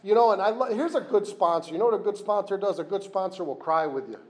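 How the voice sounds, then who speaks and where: At a recovery meeting in a meeting room, a man talks fast in a high-sitting voice. He's candid and self-deprecating, rambling along with frequent restarts.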